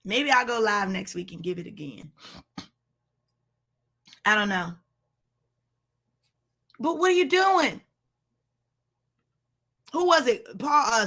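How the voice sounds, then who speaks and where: A woman's voice: high voice, sharp tone. A woman giving a blunt, preachy motivational talk on a live stream, speaking straight to her listeners as sis and y'all.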